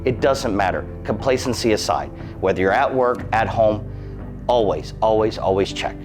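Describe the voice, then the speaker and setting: A man's voice: fairly low pitch, moderate pace, over music. A man in his thirties telling a personal safety testimonial in an earnest, emphatic, cautionary way. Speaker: employee giving a safety testimonial.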